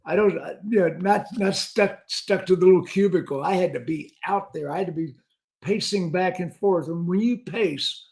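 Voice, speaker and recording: A man's voice: sits high, moderate pace, creaky, a little mellow. An American man hosting an interview, talking up his guest with salesman-like enthusiasm. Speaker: host. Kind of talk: casual interview chat.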